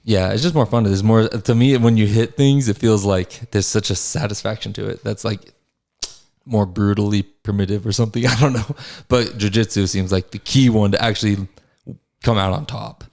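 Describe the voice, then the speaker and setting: A man's voice: on the low side, steady tone, normal speed, gravelly, a little mellow. A young adult man hosting a podcast, telling stories in casual chat, swearing freely and laughing as he talks. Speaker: podcast host.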